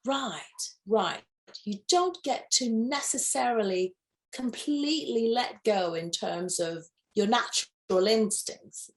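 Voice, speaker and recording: Reading stories slowly and expressively, a woman hosts a playful pet news program. She keeps slipping into campy, gushing asides punctuated by sudden high squeals.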